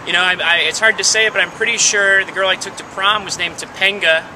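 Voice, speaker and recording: A man's voice: sits high, fairly even intonation, brisk, noisy background. A man telling a self-mocking joke in a wry tone. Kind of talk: confessional joke.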